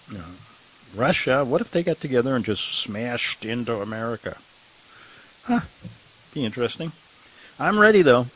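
A man's voice: medium pitch, low-quality recording. An older man hosting a talk radio show, rambling and sarcastic, chuckling at his own remarks and fighting a slight cough. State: has a cough.

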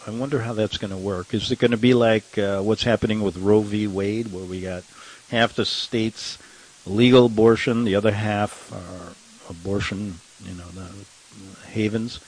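An older man with a somewhat low voice hosts a talk radio show. He rambles from one point to the next in a sarcastic, offhand way, chuckling at his own jokes. A slight cough hangs on him. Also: steady tone, moderate pace, rough recording. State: has a cough.

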